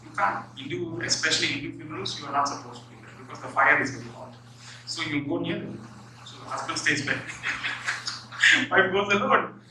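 Male motivational speaker, high bright voice, lively storytelling, recorded far off in a reverberant lecture hall. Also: normal speed, a little hiss or hum. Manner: animated, humorous storytelling, acts out little scenes. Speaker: professor giving a public talk. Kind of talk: motivational talk. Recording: echoey hall, far from the mic.

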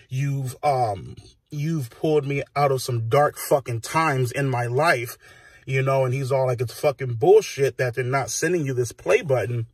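Husky man ranting profanely into a phone. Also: medium pitch, no room sound. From United States. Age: 30s. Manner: heated, swearing rant with filler phrases. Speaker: vlogger. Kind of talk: profane rant to camera. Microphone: phone recording.

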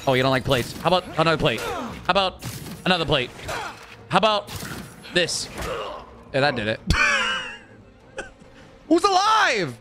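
Loud, excitable high-voiced male gamer. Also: normal speed, pauses often. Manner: loud, excitable, swearing, trash-talks enemies. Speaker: gaming streamer. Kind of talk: let's play commentary. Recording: game music loud behind voice. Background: video game music and sound effects.

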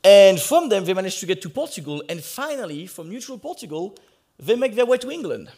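Animated man telling a history story. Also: high-pitched, fairly quick. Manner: lively storytelling with many fillers and restarts. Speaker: conference speaker. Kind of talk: conference talk on history.

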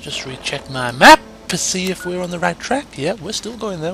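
A man with a gravelly voice giving excitable let's play commentary, dropping to mutters and then bursting into shouts, with game music behind. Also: fairly high pitch, moderate pace, few pauses. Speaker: gamer. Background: game music and sound effects.

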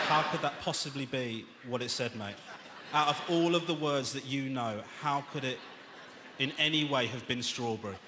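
A British man doing a stand-up routine, exasperated and ranting, his voice rising to shouts. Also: mid-range voice, moderate pace. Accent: British English. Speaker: stand-up comedian. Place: large theatre stage with audience laughter. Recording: echoey theatre hall, audience noise.

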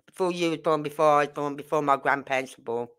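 A woman hosts a casual livestream and tells animated stories about her own life. She acts out both sides of each exchange. Her voice sits a little low but comes across bright and forceful. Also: quick pace, smooth. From Birmingham, England. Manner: animated storyteller acting out dialogue. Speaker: livestream host. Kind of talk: casual live chat.

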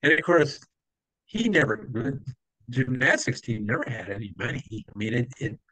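Expressive and pushed, with a bright edge, the man's medium-pitched voice moves at a moderate pace as he rambles through old stories as an interview guest, acting out those he quotes amid many fillers. The recording is dry and rough.

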